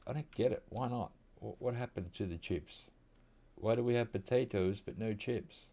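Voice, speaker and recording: A man's voice: fairly low pitch, warm tone. An Australian man casually commenting on his hunting game, joking with chat and talking to the animals. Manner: joking, chatty, talks to the animals on screen. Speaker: gaming streamer.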